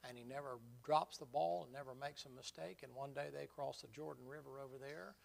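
A man's voice: medium pitch, steady tone, brisk, vocal fry. A man preaching a sermon in a folksy, vivid storytelling manner.

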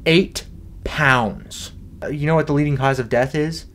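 A young man vlogging a comedic review, talking in a deadpan, crude, rambling way. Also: a little high, a little slow. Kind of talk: comedic sticker review vlog.

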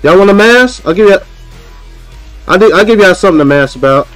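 Aggravated man streamer, high voice, profane repetitive gameplay rant. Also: lively intonation, fairly quick, a bit bright, dry recording, faint music behind, poor audio. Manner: frustrated ranting, repeats himself, profane. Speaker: gaming streamer. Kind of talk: live gameplay commentary.

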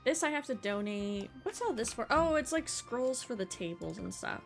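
A young woman hosting a casual let's-play, chatting excitedly and gushing as she plays. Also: on the high side, moderate pace, creaky. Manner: bubbly, excitable, gasps and gushes often. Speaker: gaming channel host. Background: faint game music.

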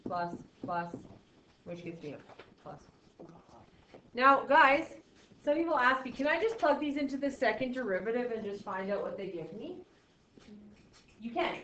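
This math teacher has a mid-range, fairly bright voice; she lectures chattily, makes fun of herself, and checks in with students through questions as she works. The room-heavy lo-fi recording is dull, with faint noise.

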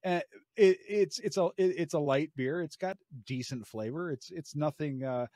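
A man's voice: on the high side, moderate pace, darkish tone, dry recording, studio quality. An American man hosting a casual podcast chat, talking hesitantly with many restarts. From United States. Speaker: podcast host.

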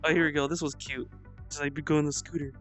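A streamer giving casual, giggly commentary while playing a game, laughing often, swearing casually and letting out sudden excited squeals. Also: mid-range voice, fast, faint music behind.

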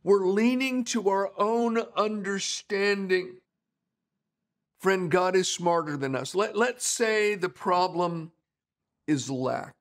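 A man's voice: high-pitched, takes it slowly. A middle-aged man preaching a sermon, earnest and conversational, telling stories to make his point. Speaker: pastor.

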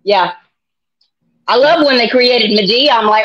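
A middle-aged American woman sharing her faith testimony in an interview, animated and acting out dialogue in voices. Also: on the high side, a little slow, lo-fi sound. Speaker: guest.

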